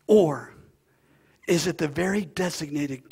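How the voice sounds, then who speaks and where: Male pastor, high gravelly voice, preaching, drops to hushed tones then builds to loud fervor. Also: unhurried. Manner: swings from hushed near-whisper to loud impassioned preaching. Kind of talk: sermon.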